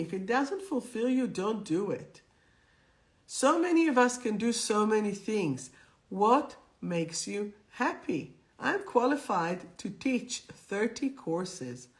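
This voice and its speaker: A woman's voice: medium pitch, expressive, takes it slowly. A middle-aged woman and spiritual teacher, chatting directly to viewers on a live stream and leading them in affirmations. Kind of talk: live-streamed guidance session.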